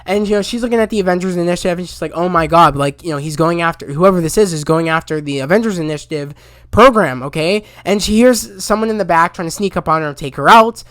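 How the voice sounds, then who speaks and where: Man, casual spoiler recap, rambling, filler-heavy, excitable bursts, dry close-mic sound. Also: sits high, fast talker, no echo. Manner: rambling, heavy on fillers, gets loud and excited retelling scenes. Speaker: show recap reviewer.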